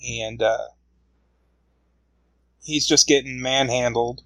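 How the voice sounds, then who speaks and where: A man's voice: medium pitch, steady tone, slow pace, pushed and bright, no echo, rough recording. A man casually retelling a comic book story, rambling along with frequent fillers.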